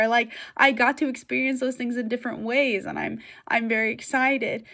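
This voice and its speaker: A woman's voice: a little high, quick pace, few pauses, fairly bright tone. A woman vlogger chatting casually to camera, giggly and emotional, tearful at times, with lots of fillers.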